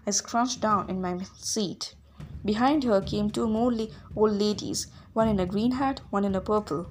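A woman reading a story aloud in a steady storytelling voice, giving the characters their own voices. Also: medium pitch, moderate pace, a little hiss or hum. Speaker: reader. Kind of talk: audiobook reading.

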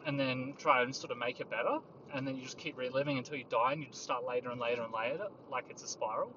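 A man's voice: mid-range voice, fairly even intonation, quick pace. Tired, foul-mouthed man driving. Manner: crude, profane, dark-humored musing. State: tired, yawning. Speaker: podcast host. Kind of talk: rambling solo podcast while driving. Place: inside a moving car on a mountain road. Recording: muffled lo-fi car recording with road noise. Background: engine and road noise.

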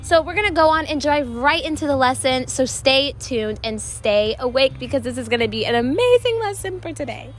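A podcast host records a casual faith show outdoors, chatty and enthusiastic and full of fillers. Her voice is high with lively intonation, running a little fast with few pauses, and music plays underneath.

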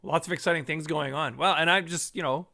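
Man, gravelly voice, podcast host, easygoing, casual interview. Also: on the high side, steady tone, fairly quick, sharp tone. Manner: easygoing, stammers on restarts.

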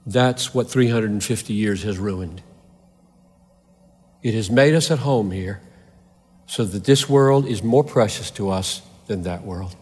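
Man, pastor, sermon, deliberate unhurried delivery, long echoing reverb, impassioned. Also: lowish voice, breathy edge. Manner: impassioned, rising to loud emphatic peaks then dropping to quiet intensity.

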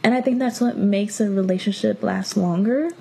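A woman's voice: mid-range voice, normal speed, creaky, breathy edge. A young woman from Miami co-hosting a podcast, telling stories in a blunt, profane way and acting out what others said. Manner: blunt, profane storytelling with animated quoted voices. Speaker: podcast co-host. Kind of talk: casual chat.

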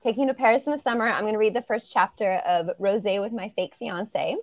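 Woman author on a video call, reading her own book aloud. Casual, laughs easily, dry close sound, mid-range pitch. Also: fast talker, no echo. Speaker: romance author, guest.

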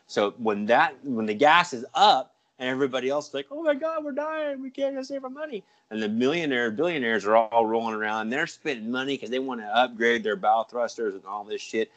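A man from the United States co-hosting a casual podcast, animated and swearing freely. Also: on the low side. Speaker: podcast co-host.

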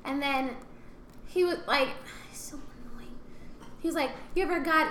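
A young woman with a high, bright voice chats casually on a podcast, acting out the people in her stories and slipping into whispered asides. The room around her is echoey, with a faint hiss of ambient noise. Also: normal speed. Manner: animated storytelling, acts out voices, drops to whispers. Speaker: podcast co-host. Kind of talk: casual chat.

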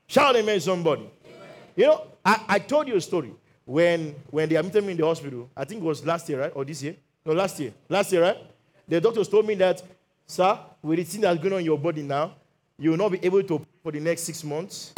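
A man's voice: high voice, fairly quick. A middle-aged Nigerian man preaching a sermon as lead pastor, leading the congregation in call-and-response declarations.

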